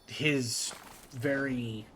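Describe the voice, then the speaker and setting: A man's voice: medium pitch, fairly even intonation, drawn-out words, background noise. Rambling man with faint country twang. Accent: faint rural Appalachian. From Appalachia, USA. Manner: rambling storytelling with many fillers. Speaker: streamer. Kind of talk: casual chat while gaming.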